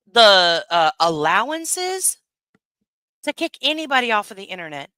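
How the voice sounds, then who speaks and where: A woman's voice: a little high, pushed and bright, no echo, clean studio sound. A woman giving heated, profane livestream commentary, rambling with many asides and tags like "right?". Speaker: commentary streamer.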